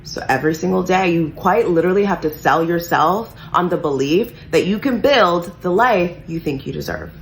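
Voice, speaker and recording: A woman giving an emphatic, measured mindset talk built on repetition. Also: fairly low pitch, lively intonation, slight background noise. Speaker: motivational speaker.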